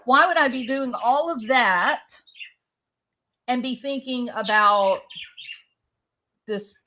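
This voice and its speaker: A woman's voice: fairly high pitch, takes it slowly, sharp tone. A woman commentator giving a defensive, ranting monologue to her viewers, often repeating herself. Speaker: online commentator.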